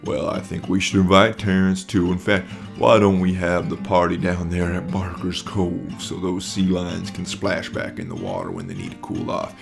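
A man voicing King Kookaroo, a kindly, modest bear king, speaking in a gentle, folksy manner. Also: low-pitched, expressive, moderate pace, gravelly, hardly any pauses, over music. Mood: thoughtful.

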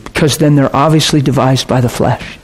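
A man's voice: mid-range voice, fairly even intonation, fairly quick. A man preaching with earnest intensity, retelling a personal story and acting out both sides of the conversation. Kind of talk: sermon storytelling.

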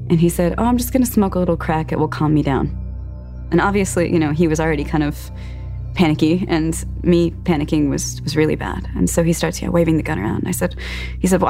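Low, gravelly woman recounting her story. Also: mellow. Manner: earnest, measured retelling that voices others' quoted words. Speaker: interviewee telling her own story. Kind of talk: documentary testimony.

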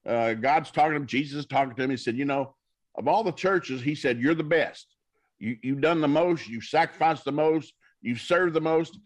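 A man with a somewhat high voice speaks at a moderate pace. He's a minister telling folksy, preacherly stories as a talk-show guest, performing the lines of the people he quotes.

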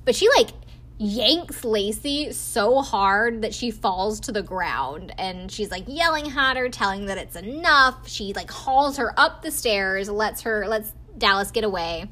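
A woman's voice: medium pitch, expressive, a little slow, pushed and bright. A woman hosting a podcast, chatting casually as she recaps a show, her talk full of "like" and "um" fillers. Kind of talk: casual chat.

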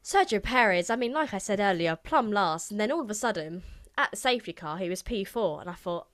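A woman's voice: mid-range voice, animated, fairly quick, a bit bright. A young woman co-hosting a podcast, chatting casually with lots of fillers and laughter. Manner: bubbly, filler-heavy, laughs often. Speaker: podcast co-host. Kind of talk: casual chat.

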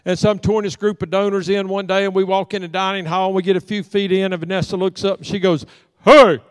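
High-voiced pastor telling stories. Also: male voice, flat delivery, quick pace, clear, resonant tone, no echo, big-room sound. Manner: folksy storyteller acting out dialogue. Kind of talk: storytelling sermon. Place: church sanctuary.

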